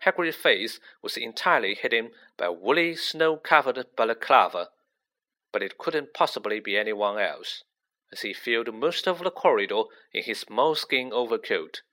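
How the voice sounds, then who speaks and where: A man narrates a storybook with expressive, measured pacing. His voice is bright and clear, and his pitch moves in a lively way through every sentence. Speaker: audiobook narrator.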